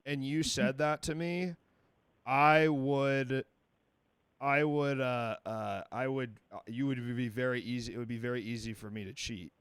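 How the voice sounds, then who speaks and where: Thirties male host, laid-back and halting, dry close mic. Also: mid-range voice, fairly even intonation, clean tone, no echo. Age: 30s. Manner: easygoing, hesitant with many restarts. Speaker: streamer host. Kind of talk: casual advice stream chat.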